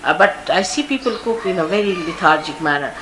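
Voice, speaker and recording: A woman's voice: fairly low pitch, lively intonation, brisk, fairly bright tone, slight background noise, rough recording. An older woman with an Indian English accent, giving a spiritual talk full of anecdotes and asides. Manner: anecdotal, conversational, often says "you see". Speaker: spiritual teacher. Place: large indoor gathering.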